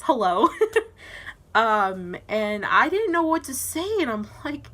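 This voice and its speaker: At home, a teenage girl with a bright, clear voice talks to her camera at a medium pitch. She's a vlogger telling her story loosely and with giggles, full of "um" and "like," and she acts out the other people's voices along the way.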